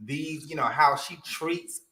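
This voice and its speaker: A man's voice: on the high side, unhurried, pushed and bright, rough recording. A man giving his opinions in a casual chat, emphatic and sassy, with preachy outbursts. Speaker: guest commentator.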